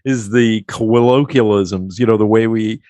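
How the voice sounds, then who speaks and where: A man from South Central Pennsylvania hosting a casual podcast interview, chatty and quick to laugh. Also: on the low side, mellow, no echo. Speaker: podcast host.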